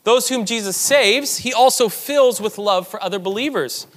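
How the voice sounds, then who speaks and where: A man's voice: high voice, normal speed, a bit bright, in a large hall. A man preaching a sermon as pastor, earnest and emphatic, repeating key phrases for weight.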